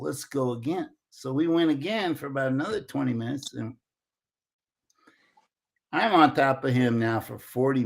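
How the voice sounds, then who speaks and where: Older guy with a rough gravelly voice, telling a wild story on a podcast. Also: mid-range voice. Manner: animated anecdote-telling, acting out quoted dialogue. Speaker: interview guest, former Olympic wrestler. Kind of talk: casual storytelling.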